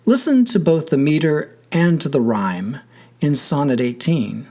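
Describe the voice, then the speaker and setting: A man reads a prepared lesson at a very slow, unhurried pace. He speaks in a careful, measured way and sets each example word apart clearly. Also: fairly high pitch, expressive, darkish tone. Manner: measured, careful, over-articulates example words. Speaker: teacher. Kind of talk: scripted educational narration.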